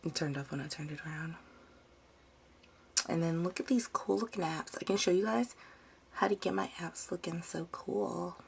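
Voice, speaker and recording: A woman's voice: lowish voice, normal speed, gravelly, pauses often, a little hiss or hum. A young woman with a Baltimore accent and a Southern drawl, chatting through a craft tutorial at home and getting sidetracked. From United States. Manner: chatty, easily sidetracked, uses "y'all". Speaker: DIY vlogger.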